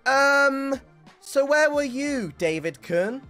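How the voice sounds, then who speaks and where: A man putting on the voice of a stern, sarcastic woman English teacher, with slow, pointed questions. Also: extremely high pitch, animated, sharp tone, faint music behind, voice pushed up, exaggerated voice.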